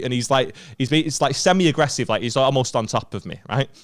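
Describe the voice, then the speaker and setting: A northern English man tells a long story at a rapid clip, full of swearing and acted-out quotes. He sits close to a dry, deadened mic in casual podcast chat. His pitch stays in an ordinary middle range. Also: no room sound. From northern England. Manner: rapid anecdotal storytelling, swearing freely, acting out quoted lines. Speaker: podcast co-host.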